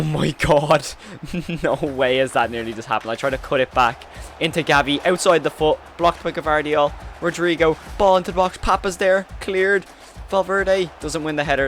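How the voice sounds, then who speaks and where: A man giving excited play-by-play commentary on his own football video game match, breaking into shouts and squeals when goals go in. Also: fairly low pitch. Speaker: gaming YouTuber.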